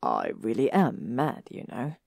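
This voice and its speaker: A woman doing a low smirking teen wizard boy. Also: huge pitch swings, slow, creaky, no room sound, studio quality, full character voice. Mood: tender.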